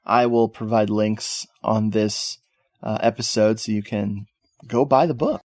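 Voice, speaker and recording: A man hosting a podcast in casual chat, joking and relaxed. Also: on the low side, a little slow, dry recording, studio quality. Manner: joking, laid-back, laughs often. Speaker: podcast host.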